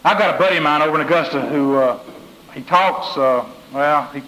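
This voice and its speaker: Folksy motivational speaker, fairly high voice. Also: male voice, brisk, bright, forceful tone, rough recording. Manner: folksy storyteller, repeats key phrases. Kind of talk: motivational speech with jokes.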